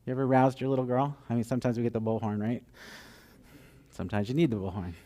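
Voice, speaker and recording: A man preaching a sermon, telling the story with animated acted-out voices and dropping to a hushed, tender tone at moments. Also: medium pitch, quick pace. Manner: drops to soft, hushed tones for tender moments. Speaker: pastor.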